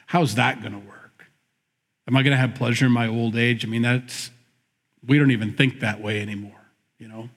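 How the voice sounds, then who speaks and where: A man's voice: medium pitch, breathy edge. A middle-aged man preaching a conversational sermon, reading scripture and then musing on it in a reflective, searching way. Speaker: pastor.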